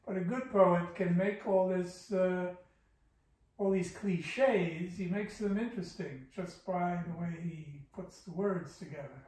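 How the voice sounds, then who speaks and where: A man's voice: sits high, a little slow, a little mellow. A man teaching a Persian poetry lesson, patiently breaking lines of verse into syllables and explaining the meter. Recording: echoey room from far off.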